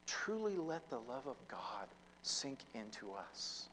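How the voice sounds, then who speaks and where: A man's voice: mid-range voice, sing-song, slow pace, fairly bright tone, a little hiss or hum, low-quality recording. A man preaching a sermon as pastor, telling a story with many fillers and restarts, his volume rising and falling. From United States.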